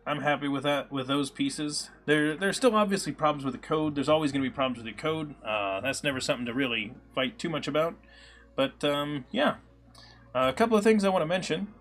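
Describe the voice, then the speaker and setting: Soft background music accompanies a man's fairly high voice as he talks a little fast on his live coding stream. His casual commentary is full of fillers as he reasons out loud and responds to chat.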